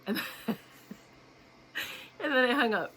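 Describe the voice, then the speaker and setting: A woman's voice: a little high, slow pace, fairly bright tone, slight background noise. A woman vlogger telling a personal story in a blunt, outspoken way, laughing often. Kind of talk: casual storytelling to camera.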